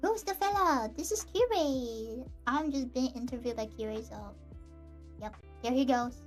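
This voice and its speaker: A guest on a casual streamed chat, talking in a hesitant, halting way. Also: sits high, soft background music. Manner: hesitant, halting, quick laughs. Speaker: podcast guest.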